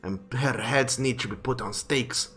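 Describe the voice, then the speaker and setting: A man voicing a gruff male dwarf who is hostile, vengeful and quick to insult. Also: mid-range voice, music in the background, natural voice. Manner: grumbling, spitting insults.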